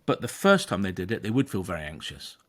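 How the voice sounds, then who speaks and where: A man's voice: low voice, quick pace. Emphatic man explaining. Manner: animated, emphatic, acts out inner voices. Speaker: therapist and podcast host. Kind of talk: conversational explanation.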